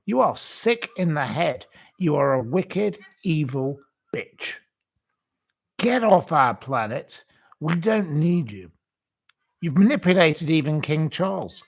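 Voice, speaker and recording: A man's voice: on the high side, very animated, a little slow, creaky. A man hosting a livestream, reading out viewer comments and ranting bluntly with repeated insults. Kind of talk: casual live-chat rant.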